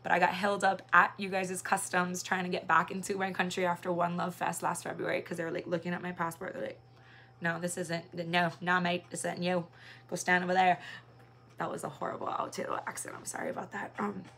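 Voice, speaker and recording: A woman's voice: on the low side, creaky, a bit bright. A woman in her thirties from Hawaii, a singer and mother, chatting casually on a livestream and rambling with many fillers.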